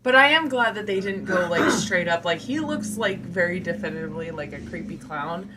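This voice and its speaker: A woman's voice: lowish voice, fairly quick, background noise. A woman co-hosting a podcast in casual chat, chatty and full of fillers. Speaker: podcast co-host.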